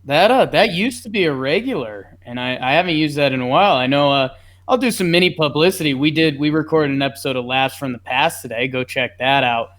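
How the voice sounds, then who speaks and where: A man's voice: fairly high pitch, a little fast, a bit bright. A man co-hosting a podcast in casual chat, rambling and joking about his listeners. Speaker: podcast co-host.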